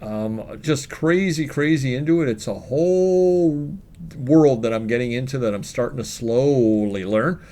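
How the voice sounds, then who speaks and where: A man's voice: mid-range voice, measured pace, mellow. Chatty man reading off sales. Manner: rambling, chatty, lists items with many fillers. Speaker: co-host of a reselling show. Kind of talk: casual chat about sales.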